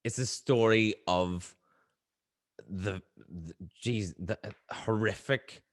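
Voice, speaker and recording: A young man, his voice sitting a little low. He rambles and hesitates before landing his point with force. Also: slow. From Ireland. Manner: rambling, hesitant, then emphatic. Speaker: podcast host, actor. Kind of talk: casual interview chat.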